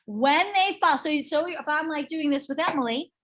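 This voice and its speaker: A middle-aged woman leading a real estate sales training, chatty and energetic, telling stories to the room. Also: sits high, moderate pace. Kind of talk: training workshop talk.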